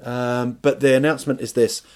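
A man telling a rambling, self-mocking comic story on his podcast. His pitch sits at an ordinary middle level, and he stumbles through plenty of ums and restarts. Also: level tone, normal speed, a little mellow, clean tone. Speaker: podcast host and comedian.

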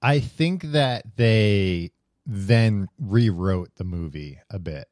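A man co-hosting a casual movie podcast, animated and laughing often, with plenty of fillers. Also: on the low side, slow, dry recording, clean studio sound. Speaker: podcast co-host. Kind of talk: casual chat about movies.

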